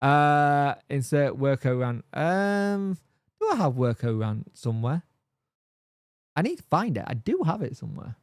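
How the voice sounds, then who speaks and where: Male fan host, rambling casual chat, slightly higher voice, dry close sound. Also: sing-song, unhurried, smooth, no echo. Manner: rambling, thinking aloud with many fillers. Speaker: football fan channel host. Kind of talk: casual live-stream chat.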